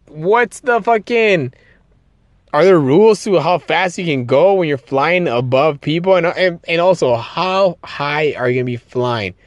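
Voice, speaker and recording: A man's voice: on the high side, no room sound. A young man hosting a solo podcast, rambling casually with lots of swearing and restarts, his voice a bit strained from long talking. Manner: excitable, profane, rambling with many restarts.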